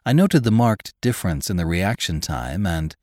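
A man reads a classic story aloud with a low voice and lively, rising and falling intonation. His delivery is measured and expressive. The sound is dry and close. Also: no echo. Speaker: podcast narrator. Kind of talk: audiobook narration of a classic story.

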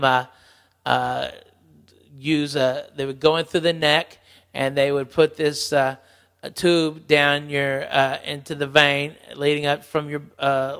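A man hosting a podcast, telling a story in a rambling, halting way, swearing freely. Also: fairly high pitch, bright, forceful tone, clean tone, big-room sound. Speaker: podcast host. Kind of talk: storytelling, casual talk.

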